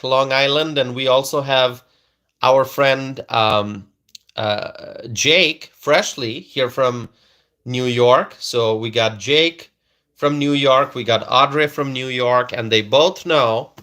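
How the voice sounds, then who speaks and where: A man's voice: medium pitch, sharp tone. A man hosting a casual political livestream, reading viewer comments aloud, emphatic and repetitive, often asking his audience questions. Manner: slow, emphatic, repeats phrases and asks the audience questions.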